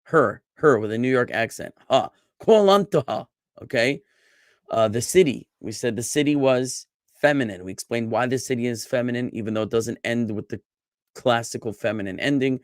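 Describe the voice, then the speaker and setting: A rabbi teaching a Hebrew class over a video call, lively and chatty, joking with his students. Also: medium pitch, normal speed, no room sound, studio quality. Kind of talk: online class lecture.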